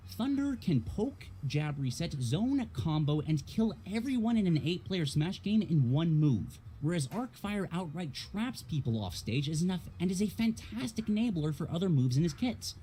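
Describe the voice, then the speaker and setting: Animated man with a tiring voice. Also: a little high, slight background noise. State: losing his voice. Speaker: streamer critiquing game character designs. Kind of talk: reading a prepared critique aloud.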